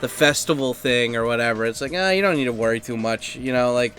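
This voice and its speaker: A man's voice: medium pitch, fast, a bit bright. A man telling a story on a podcast in a casual, rambling way, swearing and using many fillers. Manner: rambling, profane, heavy on fillers and acted quotes. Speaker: podcast host.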